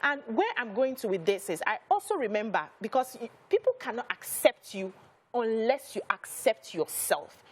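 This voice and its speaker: A middle-aged Nigerian woman and mother co-hosting a TV talk show, telling stories in an emphatic, animated way. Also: on the high side, normal speed, breathy edge. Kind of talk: studio panel discussion.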